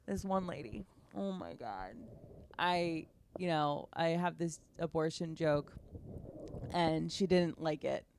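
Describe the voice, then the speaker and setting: Lowish-voiced woman podcast host. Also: slow pace, vocal fry, a little hiss or hum. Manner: animated storytelling, fillers. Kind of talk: casual podcast conversation.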